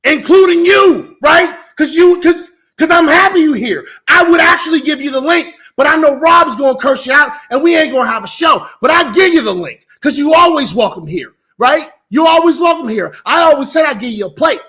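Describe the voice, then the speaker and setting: A man co-hosting a loose sports talk stream, his voice pitched very high and sounding bright and forceful. He talks emphatically, repeating himself and swearing as he calls someone out. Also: expressive, a little fast, hardly any pauses. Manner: emphatic, repetitive, swearing, call-out banter. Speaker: co-host.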